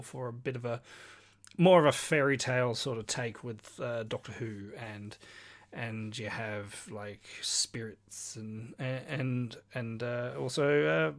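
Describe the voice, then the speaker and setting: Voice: mid-range voice, moderate pace. A podcast co-host in casual pop-culture chat, dropping dry joking asides.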